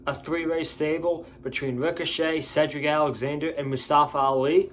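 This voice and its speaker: A man's voice: on the high side, normal speed, hardly any pauses, a little hiss or hum. A tired man giving a casual, opinionated wrestling show review, blunt and ranting.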